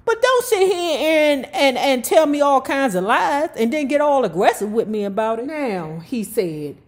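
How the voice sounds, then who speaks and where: A woman reading a memoir aloud and breaking off into sassy, animated commentary full of cursing asides. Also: fairly high pitch. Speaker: YouTube storyteller.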